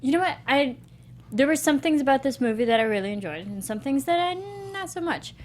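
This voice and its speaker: A woman co-hosting a casual movie review podcast, bubbly and animated. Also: high voice, slight background noise. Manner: bubbly, animated, quick to laugh. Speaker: podcast co-host.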